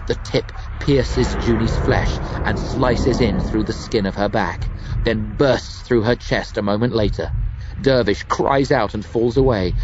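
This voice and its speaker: A man narrating an audiobook with a dramatic, expressive reading. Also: fairly low pitch, muffled recording, slight background noise.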